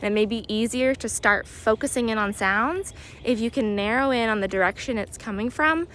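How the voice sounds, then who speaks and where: A woman's voice: a little high, a little fast, a little hiss or hum. Woman, nature guide, outdoors, casual lesson, frequent ums, bird-call imitations. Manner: relaxed, many "um"s, imitates bird calls. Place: outdoors near hedges and compost bins.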